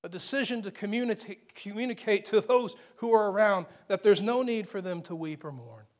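Man, preacher, high-pitched, dramatic sermon, drops to hushed whispers, emphatic repetition. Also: a little fast. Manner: dramatic shifts to hushed, near-whispered scripture quotes.

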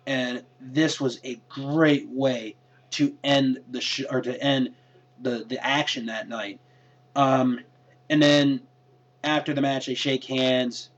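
A man casually recapping a wrestling show in a hesitant way, often pausing on fillers. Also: medium pitch, steady tone. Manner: hesitant, with many fillers and restarts. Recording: lo-fi dull recording.

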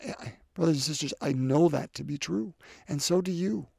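A man preaching a sermon in an earnest way, repeating his phrases and swinging between loud emphasis and soft, quiet lines. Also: a little high, fairly quick, gravelly, husky, dry recording, studio quality.

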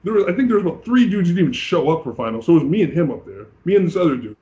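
A bodybuilding competitor from Canada in a casual interview, telling his story with animated acted-out quotes. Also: a little high, very fast, muffled recording.

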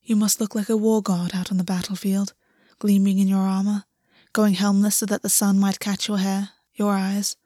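A woman reading the lines of a gentle, measured male water horse lover, speaking softly and sincerely. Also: mid-range voice, flat delivery, no room sound, clean studio sound, lightly acted. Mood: tender. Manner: soft, careful and sincere.

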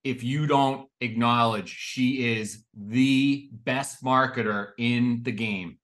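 Casting note: male co-host, blended Chicago-Boston accent, bright sharp voice, emphatic and profane. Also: mid-range voice, fairly even intonation, slow. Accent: mixed Chicago and Boston. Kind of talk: casual chat.

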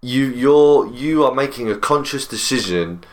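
A British man hosting a podcast, chatting casually and getting animated when he makes a point. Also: unhurried. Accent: British English. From Britain. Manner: animated, jumpy pitch when making a point. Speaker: podcast host. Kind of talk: casual chat.

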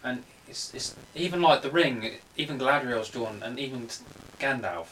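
A man's voice: mid-range voice, moderate pace, a bit bright, far from the mic, slight background noise, poor audio. A man explaining in earnest, detailed casual chat with friends.

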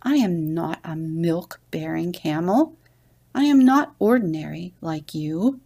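A woman's voice: on the low side, slow, creaky, mellow, heavily acted. A woman voicing a grumpy, proud old male camel who complains of his aches and boasts of his strength. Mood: boastful.

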